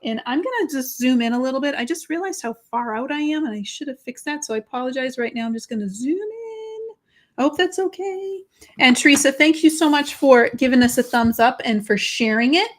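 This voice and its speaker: A woman's voice: high-pitched, quick pace, few pauses. Chatty Boston woman hosting a crafting stream. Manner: chatty, greets viewers by name. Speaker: crafting live-stream host. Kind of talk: live crafting demo.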